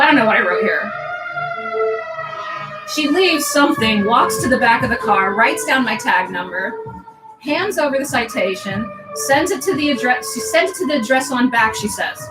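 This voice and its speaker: A woman's voice: a little high, a bit bright. A woman livestreaming as she reads her diary aloud, stopping for asides and laughing often between lines. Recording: roomy echo, faint music behind.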